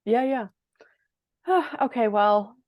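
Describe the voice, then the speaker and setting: A woman's voice: fairly high pitch, expressive, slow pace, no echo, muffled recording. A woman co-hosting a podcast over a video call, chatting casually and laughing often. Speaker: podcast co-host. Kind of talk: casual chat.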